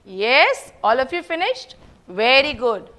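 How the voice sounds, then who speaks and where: A woman's voice: high-pitched, sing-song, slow, pushed and bright. A middle-aged woman with an Indian English accent teaching a kindergarten class, coaxing the children and answering her own questions in a sing-song way. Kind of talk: online class lesson for young children.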